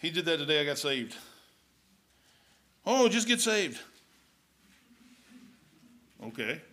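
An older man preaching a folksy, excitable sermon, dropping low and then shouting. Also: takes it slowly. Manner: folksy, excitable, swings between murmurs and shouts.

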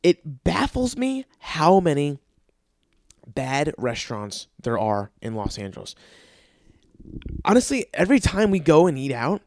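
A man's voice: a little high, a little slow, pauses often, dry recording. Male podcast host, crude and rambling storyteller, dry recording. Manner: profane, rambling, animated. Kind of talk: casual storytelling monologue.

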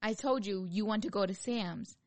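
Animated woman arguing in casual banter. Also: medium pitch, moderate pace, no echo. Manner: animated, argumentative, quotes others in mimicking voices. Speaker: podcast co-host.

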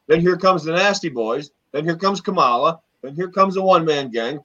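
A man in his forties talks animatedly in a casual podcast chat, swearing now and then and acting out little scenes. His voice sits a little high, and the recording sounds dull and lo-fi. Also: moderate pace, hardly any pauses. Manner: animated, swears freely, acts out quoted wrestlers. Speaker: podcast co-host.

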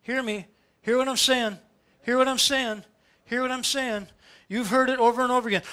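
High-voiced animated male pastor preaching. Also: normal speed. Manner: animated and playful, with lots of rhetorical questions. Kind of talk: sermon. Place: church.

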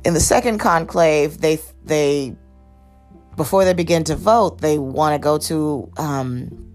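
A woman with a notably low voice talks through a TV series on her podcast, rambling and correcting herself as she goes. Faint music plays underneath. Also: slow, darkish tone. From United States. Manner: rambling, lots of fillers and self-corrections. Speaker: podcast host. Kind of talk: casual rambling review.

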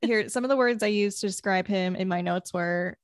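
A woman's voice: medium pitch, brisk, a crowd in the background. A woman co-hosting a casual podcast, wry and amused as she quotes her own notes. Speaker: podcast co-host.

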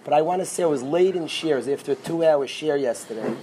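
Rabbi guy teaching a class, high voice, gets loud and excited, drops hebrew and yiddish words. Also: fast talker, a little hiss or hum. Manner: animated, rising to near-shouts when excited; sprinkles Hebrew and Yiddish terms. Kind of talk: informal Torah class.

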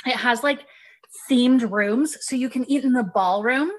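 A woman in her thirties co-hosts a podcast, chatting casually with plenty of fillers and laughs. Her voice has a fairly high pitch and her pace is a little slow.

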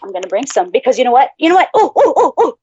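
A woman's voice: sits high, sing-song, racing, dark tone, husky. A woman co-hosting a podcast in casual chat, swearing freely and laughing often. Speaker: podcast co-host. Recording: dull lo-fi audio.

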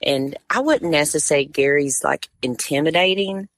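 A woman's voice: sits low, brisk. A woman tournament director, a guest on a podcast, telling a story in casual conversation and acting out what others said.

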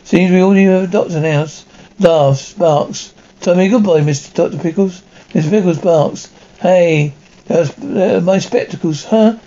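Solo male performer, higher-pitched mellow voice, hops between many comic character voices. Dull lo-fi recording. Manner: switches rapidly between character voices and sound effects. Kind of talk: one-man comic voice acting of many characters.

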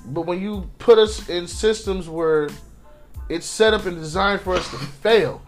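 High-voiced man arguing passionately. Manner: impassioned, acts out quotes of police and victims; profane, repeats words when restarting. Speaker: podcast co-host. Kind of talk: casual discussion.

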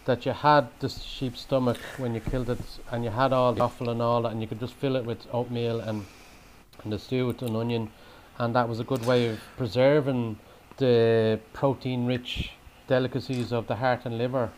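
Chatty man with a flat, even voice. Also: mid-range voice, normal speed, a little hiss or hum. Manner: restarts often, explains dishes fondly. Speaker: chef guest. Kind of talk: casual chat about cooking.

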